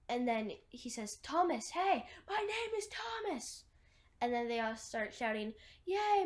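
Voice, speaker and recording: A woman casually retelling a movie's plot, rambling with lots of fillers and restarts. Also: on the high side. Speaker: movie recapper.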